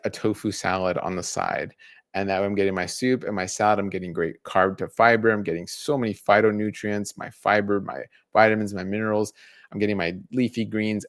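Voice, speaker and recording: A man's voice: lowish voice, dry recording, studio quality. A middle-aged man, a dietitian, talking casually through a list of food label tips, with restarts and fillers. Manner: conversational, restarts and fillers, enumerating points. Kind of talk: casual educational talk.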